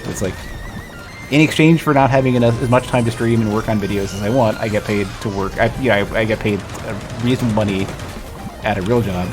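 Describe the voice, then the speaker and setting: Streamer, male, lowish voice, loose rambling chat over faint game music. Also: quick pace. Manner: rambling, self-interrupting, lots of restarts. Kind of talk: casual gaming stream chat.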